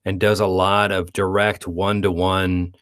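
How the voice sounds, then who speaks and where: Low-pitched and a little slow, this man's voice belongs to a co-host of a film review podcast. He chats casually with plenty of animation, putting on playful voices whenever he quotes dialogue.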